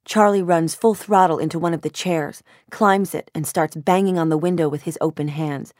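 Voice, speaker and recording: A woman narrating a first-person audiobook in a measured, introspective way. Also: low voice, steady tone, darkish tone, no room sound, studio quality.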